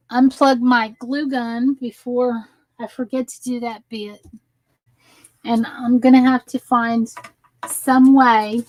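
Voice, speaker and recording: A woman's voice: on the high side, dry recording, rough recording. A tired woman chatting casually with viewers while she crafts on a live stream. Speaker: crafting livestream host.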